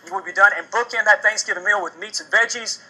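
A high, bright, husky man's voice calls out moves while exercising in a TV studio. He coaches with energy and gets winded as he goes. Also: quick pace, low-quality recording. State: out of breath. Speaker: fitness trainer. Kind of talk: demonstrating a workout on a TV segment.

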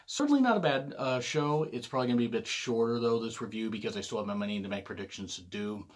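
A man talking through a show review on his own vlog at an ordinary mid-range pitch. He rambles and jokes, stopping to correct himself and pile on running gags. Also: lively intonation, quick pace. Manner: rambling, jokey, self-correcting. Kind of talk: casual solo review vlog.

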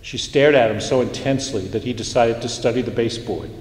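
A man reading his literary fiction aloud in a measured, unhurried way, with small slips and restarts. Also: medium pitch, darkish tone. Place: lecture hall. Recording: echoey hall, roomy reverb.

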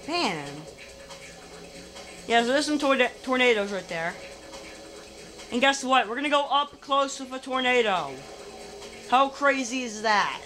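A young adult playing a racing game and commenting in an excitable, exclaiming way. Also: high voice, unhurried, long pauses. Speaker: game player. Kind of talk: let's play commentary.

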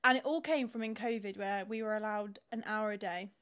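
A woman's voice: medium pitch, a little fast, fairly bright tone. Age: 20s. Sex: woman. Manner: bubbly, laughing. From South Africa. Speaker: podcast guest. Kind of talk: casual chat.

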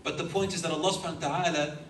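A male preacher in an echoey hall, heard from a little way off the mic with faint room ambience behind him. His voice sits slightly high for a man. He tells the story with animation and chuckles as he goes. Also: steady tone, rapid-fire, fairly bright tone, far from the mic, slight background noise. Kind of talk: sermon, storytelling. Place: lecture hall.

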